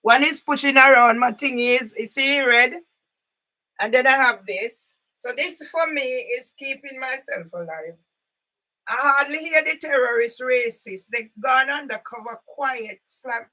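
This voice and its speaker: An older woman speaking from home in an impassioned, rambling monologue to camera, at times breaking into loud outbursts. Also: sits high, unhurried. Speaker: vlogger. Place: sitting at home. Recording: voice a bit far from the mic.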